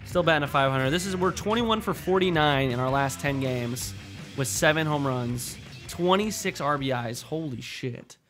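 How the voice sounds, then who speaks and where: Young guy narrating his game, swears a lot, gets worked up, slightly high voice, music underneath. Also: normal speed. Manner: excitable, profane, talks to himself. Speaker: let's play host. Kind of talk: gameplay commentary.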